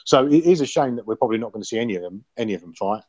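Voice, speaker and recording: Sweary rapid-fire man(#p1). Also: medium pitch, expressive, a little mellow, dry recording. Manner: rambling, opinionated, sweary. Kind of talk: casual panel chat. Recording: dull lo-fi sound.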